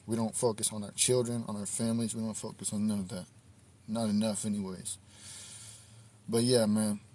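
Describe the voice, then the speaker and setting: Man, low voice, easygoing reflective streamer, outside at night, faint ambient hum behind. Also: a little mellow. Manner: laid-back, reflective, drawn-out talk. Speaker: livestream host. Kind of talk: casual livestream monologue. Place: outdoors at night in the cold.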